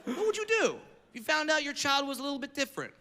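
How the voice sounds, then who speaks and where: A man from California doing stand-up comedy, brash and punchy, building to shouted rants. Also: very high-pitched, big pitch swings, fast.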